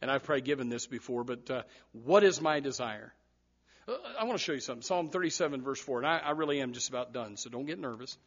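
A male pastor preaching a sermon in church, animated, with repeated words and sudden loud rises. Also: mid-range voice, fast talker, lo-fi sound.

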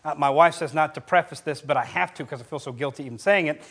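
Man preaching, high voice, animated, rising on quotes, middle-aged. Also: quick pace, slightly rough. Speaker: pastor. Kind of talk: sermon.

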